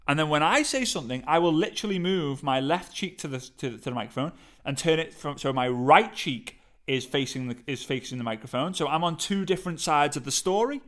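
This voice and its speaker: Bright, forceful Liverpool man. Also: fairly quick. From Liverpool, England. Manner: lively, playful, varies voice high and low. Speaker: speaking coach. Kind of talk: energetic teaching talk. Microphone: studio microphone.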